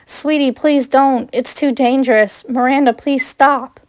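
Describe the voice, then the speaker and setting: A woman voicing a protective grown male wizard teacher in a fan audiobook, speaking softly with pet names. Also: sits high, steady tone, unhurried, no echo. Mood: pleading.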